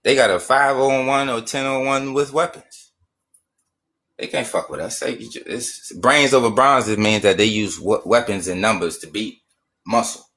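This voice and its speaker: A man's voice: mid-range voice, moderate pace, a bit bright. A man in a heated casual rant, profane and emphatic. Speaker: streamer.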